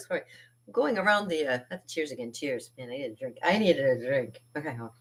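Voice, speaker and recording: A woman's voice: sits low, wildly swooping pitch, moderate pace, sharp tone. A middle-aged woman hosting a live art stream from her home studio, chatting playfully and rambling with frequent laughs. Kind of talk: casual live-stream chat.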